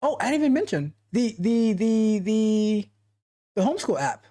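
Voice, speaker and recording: A man's voice: high-pitched, big pitch swings, moderate pace, mellow. A man hosting a coding livestream as a tech coach, talking casually and emphatically, repeating phrases for stress and reading out the chat.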